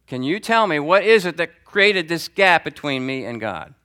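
A man teaching a Sunday school class, talking conversationally and calling on students by name, with lively swings in pitch for emphasis. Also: normal speed, clean tone. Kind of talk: teaching sermon. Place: church classroom before a group.

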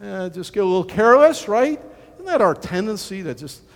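Lively preacher in an echoing hall. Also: male voice, high-pitched, a little fast. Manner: animated, folksy, acts out quoted people with gasps. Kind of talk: sermon. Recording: long reverb of a large hall.

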